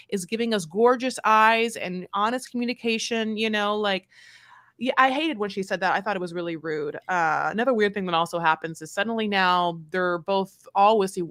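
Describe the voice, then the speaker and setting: A woman's voice: mid-range voice, fairly bright tone, dry recording, studio quality. A woman co-hosting a casual recap chat, rambling emphatically with some profanity. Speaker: podcast co-host.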